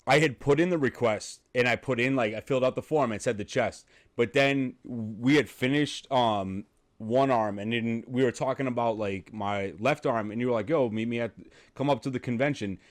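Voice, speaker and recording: Chatty male podcast host, mid-pitched. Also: moderate pace. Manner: chatty storyteller, laughs a lot, swears casually. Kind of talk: casual chat.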